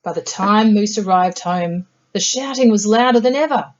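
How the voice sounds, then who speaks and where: A woman reading a children's picture book aloud in a gentle, measured storytelling voice. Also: mid-range voice, lo-fi sound. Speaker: storybook reader.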